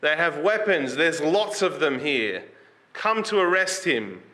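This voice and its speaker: A man's voice: a little high, lively intonation, a little slow, bright, forceful tone. A man preaching a sermon in a conversational way, reading scripture and putting questions to his listeners. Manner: reads scripture aloud with rising emphasis.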